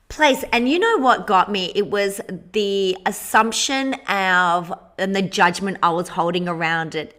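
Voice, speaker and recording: Animated woman hosting casually. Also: mid-range voice. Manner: animated, candid, swears freely. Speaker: podcast co-host. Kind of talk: casual conversational interview.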